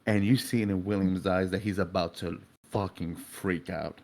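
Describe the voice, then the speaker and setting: A man's voice: sits low, steady tone, moderate pace, vocal fry, a little mellow. A man narrating as game master in a tabletop game, casual and descriptive.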